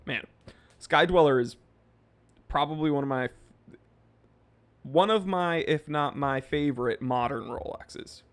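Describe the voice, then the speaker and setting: A man's voice: on the high side, a little slow, pauses often. A man in his thirties hosting a livestream, casually reading viewer comments aloud and joking with the chat. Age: 30s. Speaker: livestream host.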